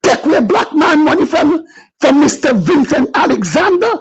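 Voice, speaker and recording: A man's voice: extremely high pitch, sing-song, normal speed, muffled recording. A man with a Guyanese accent, calling in to rant about politics with fervent, preaching passion. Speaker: caller. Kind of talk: impassioned political call-in rant.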